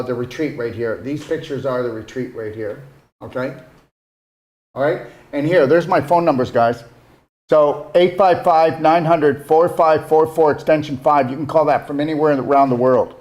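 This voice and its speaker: A man's voice: fairly high pitch, normal speed, darkish tone. Earnest man in an echoey room. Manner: earnest, coaxing, with frequent "okay?" asides. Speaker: wellness retreat host. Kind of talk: casual motivational talk.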